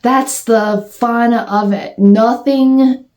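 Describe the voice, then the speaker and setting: A woman's voice: a little high, fairly even intonation, drawn-out words, a little mellow, slight background noise. A woman talking candidly to her viewers in a casual Q&A vlog, rambling and restarting her sentences as she goes. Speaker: YouTuber answering viewer questions.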